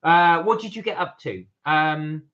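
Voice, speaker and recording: A man hosts a relaxed live catch-up, chatting warmly and reading out viewer comments, peppering his speech with uhs. His voice sits a little high for a man, and the stream audio sounds dull and lo-fi. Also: unhurried. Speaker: vlog co-host. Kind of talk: casual live-stream chat.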